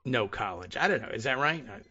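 Co-host guy, sharp bright voice, jokey and a bit unsure, dull lo-fi audio. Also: medium pitch, expressive, fast, slightly rough. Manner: joking, self-deprecating, hesitant. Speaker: podcast co-host. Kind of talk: casual political chat.

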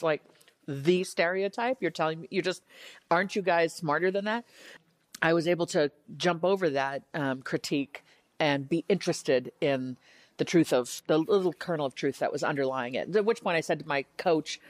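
Woman, middle-aged, low-pitched, passionate, emphatic storyteller, dry close recording. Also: dry recording. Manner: passionate, emphatic, animated emotional retellings. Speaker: author and interview guest. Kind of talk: candid interview conversation.

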